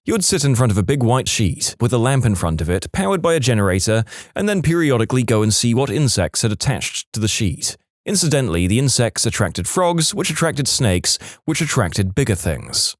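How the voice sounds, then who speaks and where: Guy reading reddit stories, lively sing-song delivery, dry close mic, dramatic pauses. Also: medium pitch, dry recording. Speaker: story narrator. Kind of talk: scripted narration of reader stories.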